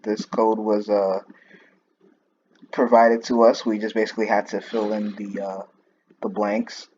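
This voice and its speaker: A student walks through his class coding project in a screen recording, his fairly low voice unhurried. He's hesitant, full of fillers and restarts. The audio is muffled and lo-fi, with steady noise and clicks.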